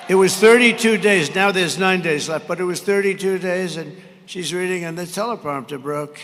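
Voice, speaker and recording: A man in his seventies giving a rambling campaign rally speech at a podium microphone, brash and mocking, shouting some lines. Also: sits high, vocal fry. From United States. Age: 70s. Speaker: political candidate at a rally. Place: large arena. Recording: reverberant arena with faint crowd noise.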